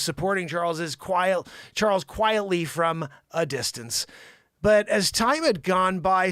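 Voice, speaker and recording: Lively high-voiced man joking through the news. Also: no room sound, clean studio sound. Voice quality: jokey asides to off-camera crew, stumbling through a teleprompter. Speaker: host. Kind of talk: comedic live news reading.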